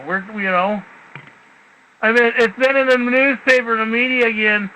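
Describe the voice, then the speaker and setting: A man's voice: very high-pitched, fairly even intonation, normal speed, sharp tone, a little hiss or hum, poor audio. A man hosting a casual radio talk show, blunt and rambling, with profanity.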